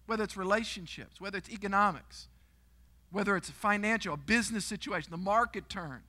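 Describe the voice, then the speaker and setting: A middle-aged man preaching a sermon in a church, telling stories with animated energy and sudden shouts. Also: high-pitched, brisk. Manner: storytelling, animated, shouts and screams for effect. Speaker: guest preacher. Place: church auditorium.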